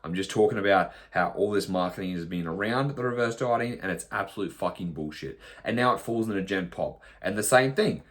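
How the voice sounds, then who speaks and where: A man with a fairly low voice delivers a blunt podcast monologue as a nutrition coach. He swears freely and slips into mocking impressions of clients. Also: a little fast, hardly any pauses, fairly bright tone. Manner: blunt, swears often, mimics clients in quoted asides.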